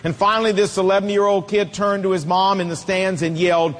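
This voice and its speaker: A man's voice: high voice, flat delivery, brisk, big-room sound. A middle-aged man preaching a sermon, emphatic and telling stories with acted quotes.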